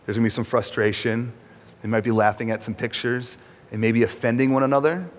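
A man's voice: mid-range voice, steady tone, brisk, a little hiss or hum. A man preaching a sermon as a pastor. He talks in a conversational way, asks the audience questions, and acts out quotes. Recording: long hall reverb.

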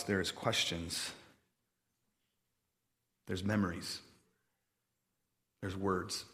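A man delivering a sermon in a casual, conversational way, with self-deprecating stories and many asides, often dropping quiet and slow on reflective points. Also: fairly low pitch. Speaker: pastor.

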